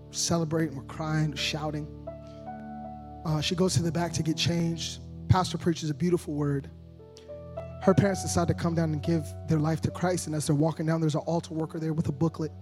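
A man preaching a sermon as a guest preacher, passionate and playful, moving from quiet storytelling to loud shouts. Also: on the high side. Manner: playful, jokey asides.

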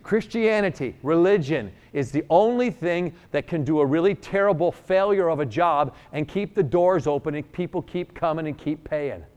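A man's voice: a little high, moderate pace, hardly any pauses, clean tone. A middle-aged man from New York preaching a sermon, telling a healing story with jokes and acting out both sides of the dialogue. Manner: animated, joking, acts out dialogue.

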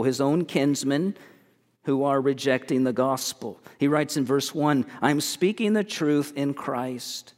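A man preaching a sermon as pastor, earnest and halting, repeating words as he goes. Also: mid-range voice, a little mellow, big-room sound. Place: church.

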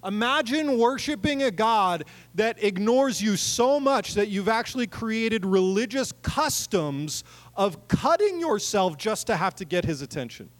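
A man preaching a sermon, reading scripture and breaking in with joking, animated asides to the congregation. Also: high voice, moderate pace. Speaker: pastor. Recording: long reverb of a large hall.

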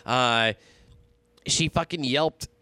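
A man chatting on a podcast, telling a ghost story in a loose, swearing, animated way. His pitch sits in an ordinary middle range. The sound is dry, with almost no room in it. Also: very slow, dry recording. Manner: profane, animated storytelling, laughs often. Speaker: podcast co-host. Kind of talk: casual chat, storytelling.

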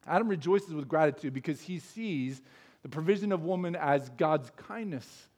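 A man's voice: on the high side, expressive, moderate pace, a little mellow. A man preaching a sermon, earnest and explanatory, asking his listeners rhetorical questions. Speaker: pastor.

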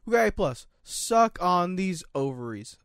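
A man's voice: sits high, sing-song, a little slow, fairly bright tone, clean tone, no echo, studio quality. A man in casual chat, cracking crude, teasing jokes and insults. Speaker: podcast co-host.

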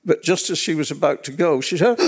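A man preaching a sermon at a church gathering, telling personal stories in an unhurried way and repeating phrases for weight. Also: fairly high pitch, very animated, husky. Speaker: pastor.

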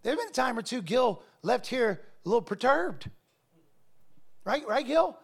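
A middle-aged man preaching a sermon as pastor, animated, acting out conversations from his stories. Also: extremely high pitch, unhurried, vocal fry, breathy edge.

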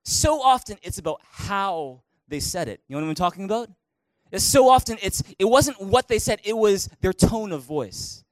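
High-voiced animated male pastor. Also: normal speed, no echo. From Canada. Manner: animated preaching, acts out angry quotes with loud shouts. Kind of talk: sermon. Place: church auditorium.

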